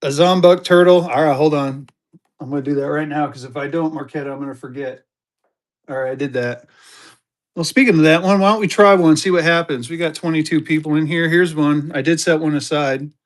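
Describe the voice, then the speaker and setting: A man's voice: on the high side, steady tone, fairly quick. A man hosting a live-stream currency auction, greeting viewers by name and urging them to bid. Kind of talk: live-stream selling chat.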